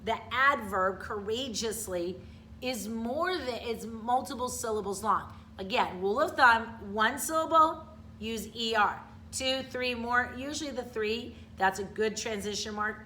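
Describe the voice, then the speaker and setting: A woman's voice: a little high, measured pace, bright, forceful tone, slight background noise. A middle-aged woman teacher giving an online grammar lesson, explaining patiently step by step and checking in with her students.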